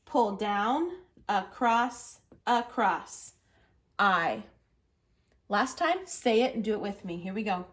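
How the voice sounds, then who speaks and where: A woman's voice: medium pitch, expressive, slow pace. A woman teaching a children's reading lesson, patiently walking young learners through writing letters and saying their sounds. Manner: encouraging, patient, prompting the viewer to repeat. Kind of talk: early literacy lesson, guiding children through letter formation.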